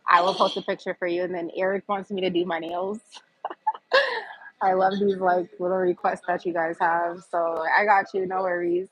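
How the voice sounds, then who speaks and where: A woman in her fifties from the US East Coast hosts a livestream, chatting candidly with viewers, reading their comments aloud and laughing often. Her voice is fairly low, a bit bright and slightly rough, with lively intonation at a moderate pace, and the recording is rough.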